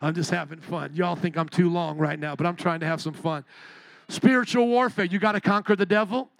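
Man, high voice, pastor, energetic call-and-response sermon, playful asides, dry close sound. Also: a little fast, vocal fry, no echo. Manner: asks the congregation questions and repeats key phrases. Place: church service.

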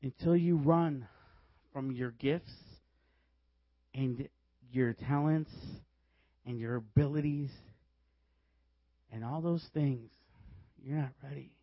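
Man, preacher, animated sermon storytelling, laughs often, dry close sound, dull lo-fi recording. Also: mid-range voice, slow pace, long pauses, dry recording. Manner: lively, laughs often while telling stories.

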